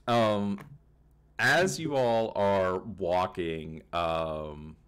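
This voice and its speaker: A man's voice: low voice, very slow, fairly bright tone, clear, resonant tone. A man narrating a tabletop game as game master, rambling with many fillers, on a home computer mic.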